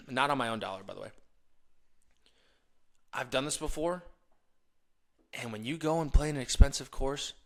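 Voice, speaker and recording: A man giving a motivational talk as host, telling stories with energy and shifting between hushed asides and loud emphasis. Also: medium pitch, creaky. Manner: energetic storytelling, laughs while telling stories. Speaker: podcast host.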